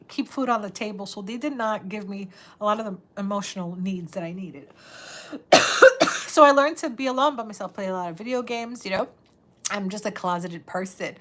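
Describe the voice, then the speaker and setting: Reading out viewer comments on her live stream, this thirtysomething woman keeps things casual, laughing often and leaning on "like" as a filler. Her tone is fairly bright at a medium pitch, with a touch of raspiness creeping in.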